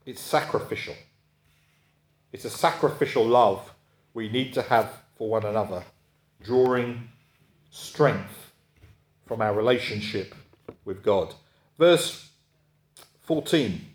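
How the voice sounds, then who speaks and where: A man's voice: on the low side, animated, takes it slowly, pauses often. A man preaching a sermon, talking in a conversational way and often checking in with his listeners. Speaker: pastor. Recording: echoey room.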